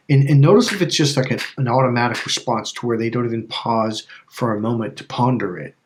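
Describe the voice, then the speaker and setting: A life and relationship coach gives a casual talk in a medium-pitched voice at a slightly fast pace. He is emphatic and repetitive, often checking in with "okay?".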